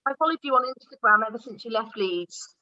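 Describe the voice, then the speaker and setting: A woman's voice: on the high side, lively intonation, fast, no echo, lo-fi sound. A woman hosting a casual online radio show, chatting enthusiastically with guests over a video call. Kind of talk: casual chat.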